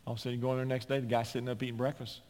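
A man pastor preaching a sermon in an emphatic storytelling manner with quick asides, in a large church sanctuary. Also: medium pitch, little pitch movement, darkish tone. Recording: long hall reverb.

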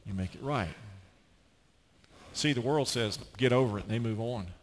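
Medium-pitched and at a normal pace, this middle-aged American man preaches a sermon full of stories, animatedly voicing the people he quotes. A little hiss or hum can be heard.

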